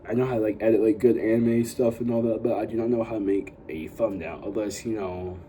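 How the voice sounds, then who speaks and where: Rambling young man vlogging, mellow voice. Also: fairly low pitch, steady tone, fairly quick, a little hiss or hum, poor audio. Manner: rambling, full of "you know" and "like" fillers; upbeat hype talk to viewers. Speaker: YouTuber. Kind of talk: casual vlog chat.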